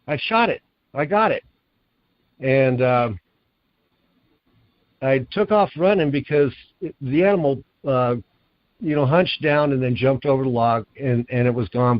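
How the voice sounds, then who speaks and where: Brief: male guest storyteller, mid pitch, lively quoted lines, dry dull-sounding recording. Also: normal speed, no room sound. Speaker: author and guest. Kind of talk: storytelling in an interview.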